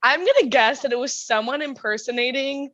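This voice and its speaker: A woman's voice: high voice, animated, brisk, a bit bright, dry recording, dull audio. A young woman hosting a casual podcast chat, blunt and dry, teasing her guest. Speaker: podcast host.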